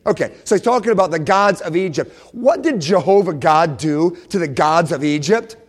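A man preaching a sermon in a church, emphatic, repeating key phrases and swinging from soft to loud. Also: a little high, lively intonation, moderate pace, husky. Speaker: pastor.

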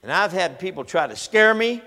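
Man preacher, folksy storytelling sermon, forceful bright voice, long hall reverb. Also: high voice, moderate pace. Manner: animated, folksy, acts out voices and screams. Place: large church hall.

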